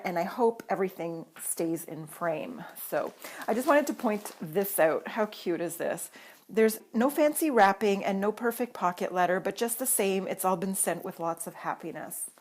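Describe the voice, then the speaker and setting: Woman, from Canada, vlogger, excitable, gushing, casual chat, camera on a tripod. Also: medium pitch, normal speed.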